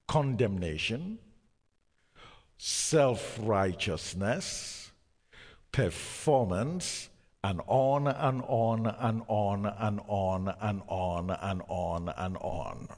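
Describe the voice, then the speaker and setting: Slow, emphatic male preacher in a hall. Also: lowish voice, darkish tone. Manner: slow, emphatic preaching with dramatic pauses and sudden drops to near-whisper. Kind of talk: sermon. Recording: long hall reverb.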